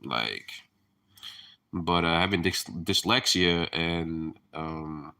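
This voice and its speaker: Male streamer, low voice, laughs a lot and swears casually while chatting to viewers. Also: lively intonation, takes it slowly, gravelly, sharp tone. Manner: rambling, laughing, cursing freely; hyper, chatty. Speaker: live streamer. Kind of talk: casual live-stream chat.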